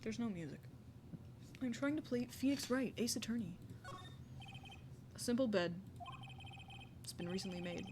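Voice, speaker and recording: Casual, playful streamer, reads game text aloud, lots of giggling, chatty gaming stream. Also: female voice, a little high, lively intonation, moderate pace, long pauses, background noise. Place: home desk with a squeaky chair.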